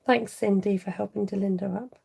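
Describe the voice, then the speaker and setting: A woman's voice: mid-range voice, gravelly, warm tone, breathy edge, poor audio. A middle-aged woman chatting through a live craft tutorial, laughing often and answering viewers as she works. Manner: chatty, laughing, reads viewer comments aloud. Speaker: stamping craft demonstrator.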